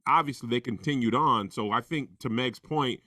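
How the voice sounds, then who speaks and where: A man co-host in a casual podcast debate, animated and fond of acting out little hype lines. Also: mid-range voice, moderate pace, no echo, clean studio sound.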